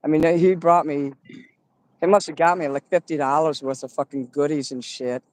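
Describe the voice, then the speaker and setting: A woman's voice: deep voice, steady tone, normal speed, a little mellow, no echo. A middle-aged woman telling rambling, crude stories in a casual stream chat.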